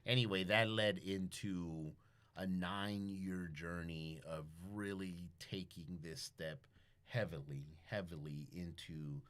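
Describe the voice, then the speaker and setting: A man chatting as a podcast guest, telling animated stories full of profanity and acting out everyday conversations. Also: deep voice, takes it slowly. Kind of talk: casual chat, storytelling.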